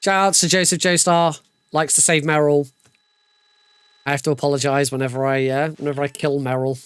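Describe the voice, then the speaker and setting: A man's voice: fairly high pitch, flat delivery, fairly quick, smooth, no echo. A man giving casual, joking live commentary while playing through a video game speedrun. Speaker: speedrunner streamer. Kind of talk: live commentary over gameplay.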